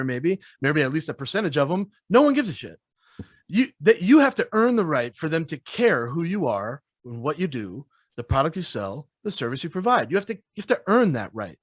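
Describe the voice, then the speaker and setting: Lively sales trainer man, dry sound. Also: a little high, no room sound. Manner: animated, laughs often, acts out phone calls. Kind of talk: casual podcast interview.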